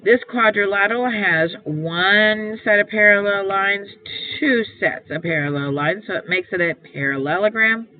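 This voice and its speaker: A woman's voice: medium pitch, moderate pace, few pauses. A woman math teacher walking through a homework assignment, explaining each step patiently and repeating key points. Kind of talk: homework walkthrough lesson. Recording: tinny phone-like sound, faint hiss.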